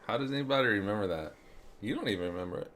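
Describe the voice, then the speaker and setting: A man co-host with a very deep voice jokes dryly through casual banter on a live stream. His delivery stays relaxed and conversational. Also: rapid-fire, slight background noise. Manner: dry joking banter. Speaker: podcast co-host.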